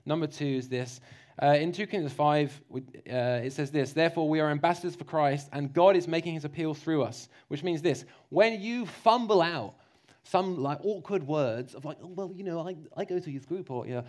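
A man preaching a sermon. He talks in a lively, joking way and acts out little mock voices. His voice sits a bit high. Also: normal speed, hardly any pauses.

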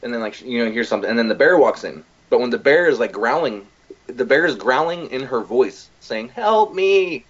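A man co-hosting a casual podcast chat, retelling a film in a rambling, profane, animated way. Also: mid-range voice, fairly quick, husky, lo-fi sound. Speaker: podcast co-host.

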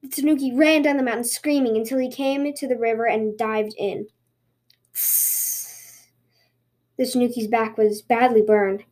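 A woman podcast host reading a folktale aloud in a lively storytelling way. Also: on the high side, fairly quick, hardly any pauses.

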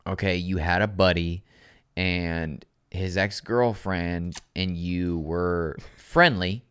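A man's voice: sits low, takes it slowly, smooth. A man hosting a podcast, swearing freely, laughing often and telling stories with animation. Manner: profane, laughs a lot, animated storytelling. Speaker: podcast host. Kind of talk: casual podcast chat.

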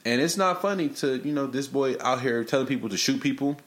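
A young man hosting a casual podcast, telling stories in lively slang and breaking into rap lines. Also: medium pitch, fairly quick. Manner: animated, slangy storytelling with bursts of rapping. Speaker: podcast host.

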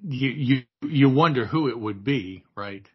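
A man's voice: medium pitch, animated, a little slow, husky, dull audio. A man chatting as a podcast guest, hesitant and repeating words as he thinks aloud. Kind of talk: casual chat.

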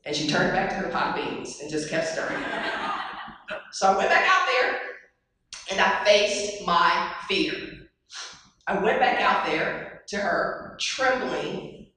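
A woman giving an animated motivational speech, telling stories and putting questions to an audience in a large hall. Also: mid-range voice, takes it slowly, long pauses, a little hiss or hum. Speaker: motivational speaker. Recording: very echoey hall, far mic.

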